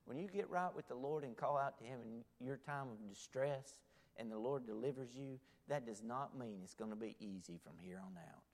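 A man preaches a sermon in a church, with a middle-range voice. He tells his stories dramatically, rising to loud exclamations and then sinking to hushed, near-whispered lines. His voice rings out with the long reverb of a large hall. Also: medium pitch, expressive, normal speed. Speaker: pastor.

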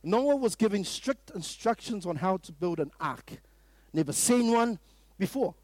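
A slightly slow, high-voiced New Zealander with lively intonation preaches at a morning prayer meeting. He's emphatic, asks rhetorical questions repeatedly, and at times climbs to a loud burst. The recording is dry.

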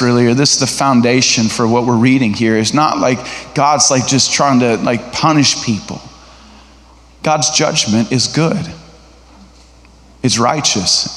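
Middle-aged male preacher in an echoey hall. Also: on the high side. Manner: lively, conversational, asks the congregation questions. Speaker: guest preacher. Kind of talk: sermon. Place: church sanctuary.

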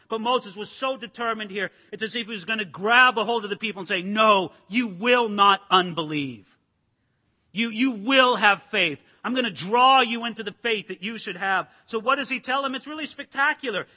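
A pastor preaching a sermon in an emphatic, dramatic way, acting out quotes and rising to shouts. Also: male voice, high-pitched. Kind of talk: expository sermon. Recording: long hall reverb.

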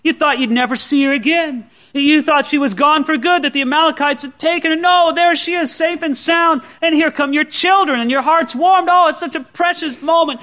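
A male pastor preaching a sermon, telling the story in an animated way and speaking straight to his congregation. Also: extremely high pitch, normal speed, few pauses. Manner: animated storytelling, addresses the listener directly.

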